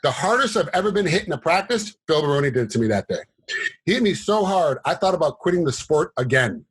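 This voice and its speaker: A middle-aged man, a former fighter turned commentator and referee, telling stories in a casual interview, animated and rambling with fillers. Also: fairly high pitch, fast, husky, poor audio. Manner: animated, acts out quotes in a raised voice; rambling with many fillers and restarts.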